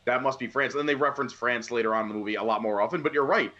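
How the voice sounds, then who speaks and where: Man co-hosting a movie chat, rambling and animated, bright tone on a dull lo-fi recording. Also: mid-range voice, very fast. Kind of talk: casual movie review chat.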